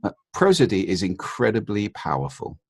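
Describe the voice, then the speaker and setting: A man, a guest expert in a podcast interview, explaining in a measured way and demonstrating intonation with his voice. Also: fairly low pitch, huge pitch swings, a little mellow, slightly rough, no echo, studio quality.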